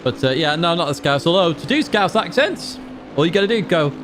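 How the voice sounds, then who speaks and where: A man's voice: a little high, lively intonation, fairly quick, music in the background. Chatty man streaming. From Blackpool, England. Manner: chatty, rambling, reads out chat and laughs often. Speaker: sim racing streamer. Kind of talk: casual livestream commentary. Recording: game engine noise behind.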